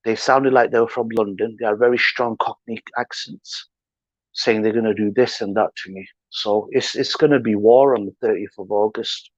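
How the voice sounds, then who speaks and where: Slangy and combative, this man hosting a livestream curses his way through a heated rant at a moderate pace. His lowish voice keeps a steady tone, and the stream audio is dry, dull and lo-fi.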